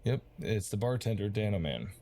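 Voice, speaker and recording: A man's voice: on the low side, lively intonation, moderate pace, mellow, a little hiss or hum. A man narrating a tabletop game as game master, casual and rambling with lots of fillers.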